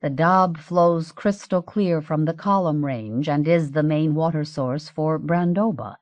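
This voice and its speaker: A woman's voice: low-pitched, unhurried, darkish tone, no echo. Woman reading a grave formal archduke. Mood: worried. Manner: formal, explanatory. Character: grave older male archduke, anxious guide.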